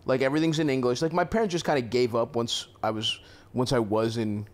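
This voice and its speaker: A man's voice: medium pitch, steady tone, brisk, a little hiss or hum. A man who grew up in a Greek-American family, a podcast guest telling stories in a rambling, filler-heavy way. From Greek-American family in Maryland. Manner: rambling storyteller, lots of "like" and "dude". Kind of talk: casual chat.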